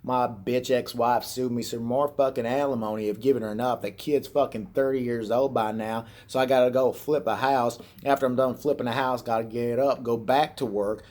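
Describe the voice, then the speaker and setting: A man voicing a brash, foul-mouthed trucker with a put-on Southern hillbilly accent, griping in a slow drawl. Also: medium pitch, steady tone, a little mellow, close to an everyday voice.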